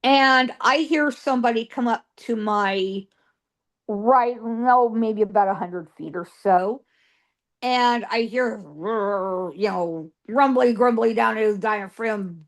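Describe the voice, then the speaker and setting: A woman guest psychic telling a ghost story in a dramatic way, acting out voices and sounds and often saying "you know". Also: fairly high pitch.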